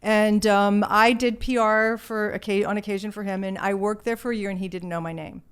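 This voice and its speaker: A woman's voice: medium pitch, a little fast, clean tone. A woman in her fifties, an interview guest, telling a story with acted-out quotes and easy laughs. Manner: animated storyteller, acts out quotes, laughs easily. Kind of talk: conversational storytelling.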